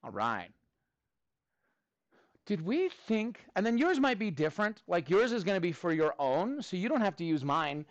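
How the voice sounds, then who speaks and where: High-voiced upbeat male math teacher. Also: sing-song, moderate pace, no room sound, muffled recording. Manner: upbeat and chatty, jokes with students. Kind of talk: classroom lesson. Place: classroom.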